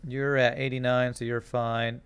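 A man streaming a game, thinking out loud and chatting to his viewers in a casual way. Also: mid-range voice, level tone, unhurried, clean tone. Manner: thinks aloud, chats to viewers. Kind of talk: casual live-stream gameplay commentary.

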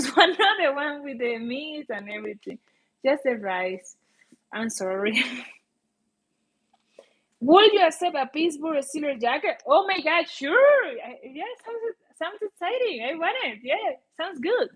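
High-voiced, husky Colombian woman vlogger. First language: Spanish. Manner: chatty, searching for words, many fillers. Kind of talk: casual livestream chat.

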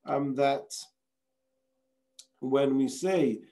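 A man's voice: mid-range voice, extremely slow, dark tone. A man teaching as a rabbi, reading a passage and explaining it with rhetorical questions, Hebrew terms and frequent restarts. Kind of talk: explaining a text.

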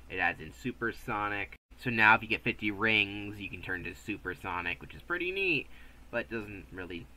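A man's voice: low voice, pushed and bright, poor audio. A man narrating a casual video game review, chatty and offhand, with restarts and asides.

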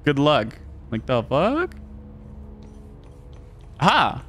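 A streamer giving live gameplay commentary, excitable, laughing often, swearing and talking to chat. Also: mid-range voice, drawn-out words, slight background noise.

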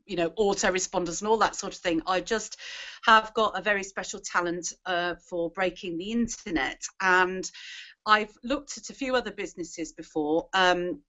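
A woman's voice: fairly low pitch, normal speed, pushed and bright. A woman gives a chatty, self-deprecating testimonial in a casual online hangout. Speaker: guest marketer. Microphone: video call. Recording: dull lo-fi web call audio.

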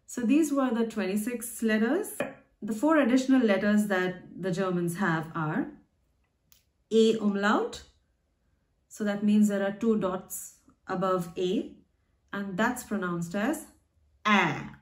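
A woman with a mid-range, somewhat dark voice speaks a little slowly as she hosts her own channel. A language teacher, she patiently and carefully shows how letters are pronounced, using everyday examples. The room has noticeable echo.

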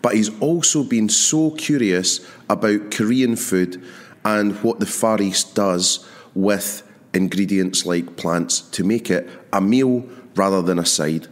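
Chatty male podcast host, low voice. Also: slow pace. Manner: chatty, enthusiastic, lots of fillers. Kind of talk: casual podcast interview.

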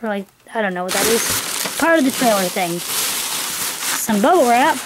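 A young woman with a slightly high voice gushes through an unboxing in her home filming corner. She talks in breathless bursts of excitement. Steady background noise runs under the recording. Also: normal speed. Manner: gushing, breathless exclamations. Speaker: toy collector vlogger.

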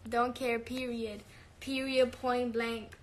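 A woman's voice: fairly high pitch, flat delivery, slow pace, heavy background noise. A young woman chatting casually on a livestream, brash and profane, laughing often. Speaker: singer on a live stream.

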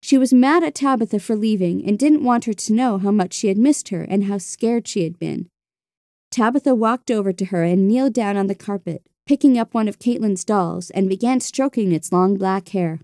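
A woman narrating a children's storybook in a gentle, expressive way. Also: medium pitch, moderate pace, no room sound, studio quality.

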